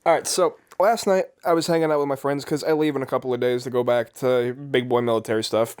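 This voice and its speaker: A man's voice: mid-range voice, steady tone, quick pace, smooth, no room sound, studio quality. A man in his twenties co-hosting a podcast, telling a long story in casual chat, laughing often, swearing and acting out the people he quotes. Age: 20s. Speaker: podcast co-host.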